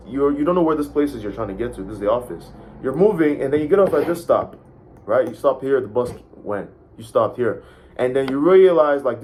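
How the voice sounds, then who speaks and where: Man at mid pitch, motivational speaker, emphatic, keeps checking in with the listener. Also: darkish tone, slight background noise. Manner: emphatic, keeps asking "right?" and "you see". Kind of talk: motivational talk to camera.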